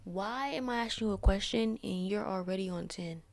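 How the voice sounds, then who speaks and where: A woman's voice: medium pitch, moderate pace, gravelly. A young woman hosting a solo podcast, giving blunt, profane, preachy relationship advice in casual slang. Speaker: podcast host. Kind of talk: candid solo venting podcast.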